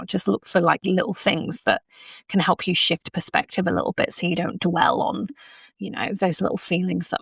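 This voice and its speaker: Recorded dry on a laptop podcast mic at home, a woman hosts her own coaching podcast as a horsemanship coach. Her mid-range voice has vocal fry and a fairly bright tone, and she chats casually with lots of fillers and frequent laughter.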